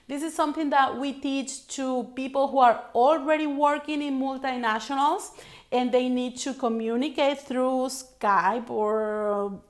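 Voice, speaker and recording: High-voiced, unhurried woman English coach. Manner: emphatic, checks in often with "right?". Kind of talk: coaching video talk to camera.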